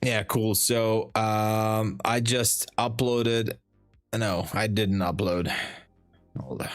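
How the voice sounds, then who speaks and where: Deep-voiced hesitant male day trader. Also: steady tone, slow, faint music behind. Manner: hesitant, restarts often, dry teasing. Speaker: day trader streaming live. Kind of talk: casual live-stream chat.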